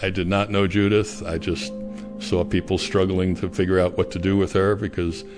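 A man being interviewed, recounting a personal experience in a measured, reflective way. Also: low-pitched, level tone, music in the background.

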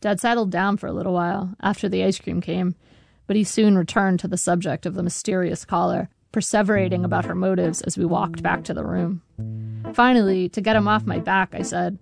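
Gravelly woman narrating a memoir. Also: on the low side, steady tone, normal speed. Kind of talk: scripted audiobook narration. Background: faint guitar music.

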